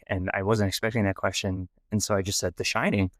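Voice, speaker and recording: A man's voice: fairly low pitch, steady tone, fast, dry recording, clean studio sound. A young man telling a self-deprecating story in a casual interview, rambling with many restarts. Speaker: guest filmmaker.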